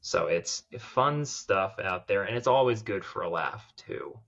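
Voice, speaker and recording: Male podcast guest, low-ish voice, rambling and self-mocking, dull lo-fi audio. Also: lively intonation, measured pace, creaky, a bit bright. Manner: rambling, self-deprecating, laughs often. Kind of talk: casual chat.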